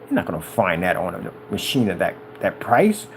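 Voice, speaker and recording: A man talking casually and excitedly about projectors, rambling and wandering off topic. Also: low voice, normal speed, a little hiss or hum. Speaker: business owner reviewing projectors.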